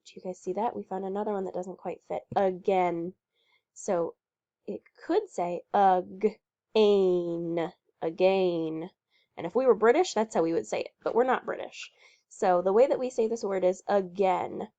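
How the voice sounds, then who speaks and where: A woman teacher reading a chapter book aloud and pausing to explain word sounds in a chatty, encouraging way. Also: mid-range voice, warm tone. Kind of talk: reading aloud with phonics pointers. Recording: muffled lo-fi recording.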